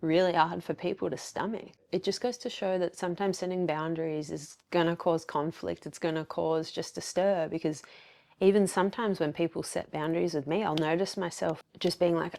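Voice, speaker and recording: An Australian woman hosts a solo podcast, speaking candidly and confessionally with plenty of fillers and quoted self-talk. Her voice is on the low side and dark-toned, with vocal fry, fairly even intonation, and a fairly quick pace.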